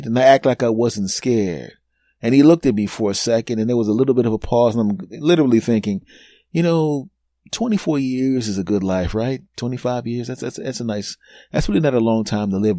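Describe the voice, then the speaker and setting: Podcast host, man, fifties, warm mellow tone, dry close sound, rambling self-mocking storyteller. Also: medium pitch, brisk, no room sound. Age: 50s. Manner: animated, rambling, self-mocking, repeats words for emphasis. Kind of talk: comedic storytelling monologue.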